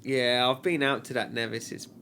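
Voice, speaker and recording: A man's voice: medium pitch, steady tone, moderate pace, pushed and bright, a little hiss or hum. A man hosting a casual chat, easygoing and a little hesitant, often trailing off mid-thought. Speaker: podcast host.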